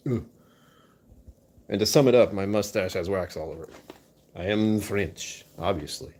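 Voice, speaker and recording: A man's voice: lowish voice, unhurried, long pauses, darkish tone. A man casually chatting with his live-stream viewers, joking and poking fun at himself while answering the chat. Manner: chatty, jokey, self-mocking.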